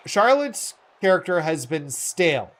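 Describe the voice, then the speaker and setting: A man's voice: on the high side, big pitch swings, a little slow, a bit bright. Rambling, earnest male game streamer. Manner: rambling, full of "um" fillers and self-corrections; earnest and heartfelt. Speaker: gaming streamer. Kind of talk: casual live-stream chat.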